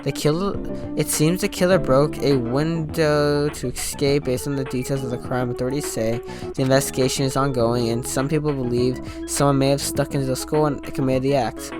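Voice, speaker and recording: A man's voice: medium pitch, steady tone, normal speed. A man playing through a game, reading its dialogue aloud and reacting in casual slang. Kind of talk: let's play commentary with read dialogue. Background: game music.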